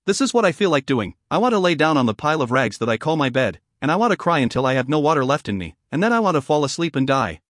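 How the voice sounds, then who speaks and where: Male audiobook narrator, first-person story, lively pitch, dry close sound, slightly high voice. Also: quick pace, hardly any pauses, no room sound.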